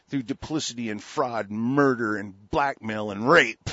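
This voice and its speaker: A man's voice: mid-range voice, unhurried, hardly any pauses, sharp tone, dry recording, muffled recording. A man in an angry, profane political rant, heated and repetitive.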